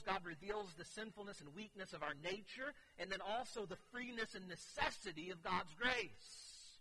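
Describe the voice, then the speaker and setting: A man pastor preaching a sermon to his congregation, swinging from hushed, quiet passages to loud, urgent outbursts. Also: high-pitched, rough recording. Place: church sanctuary.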